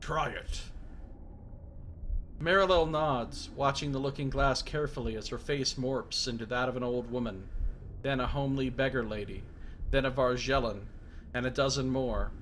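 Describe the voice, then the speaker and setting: A man's voice: mid-range voice, moderate pace, slight background noise. A man streaming a video game, reading its story text aloud and breaking in with comments. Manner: reads narration aloud, breaks off into excited asides.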